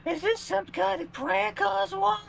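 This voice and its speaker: A woman's voice: very high voice, fairly even intonation, a little slow, vocal fry, slight background noise, exaggerated voice. A woman voicing a stern, tired mother who works as a nurse, scolding and dismissive in game dialogue.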